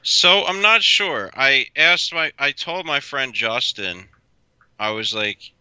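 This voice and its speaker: A man co-hosting a podcast in casual chat, hesitant and musing as he thinks out loud. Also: mid-range voice, slow, smooth, no room sound, muffled recording. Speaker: podcast co-host.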